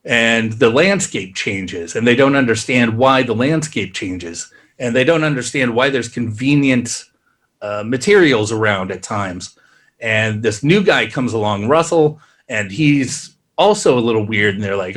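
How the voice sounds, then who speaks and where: Male podcast co-host, casual and rambling, tosses in quick character voices. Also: mid-range voice, expressive, fairly bright tone. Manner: rambling, acts out characters' lines in quick asides. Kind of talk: casual plot recap.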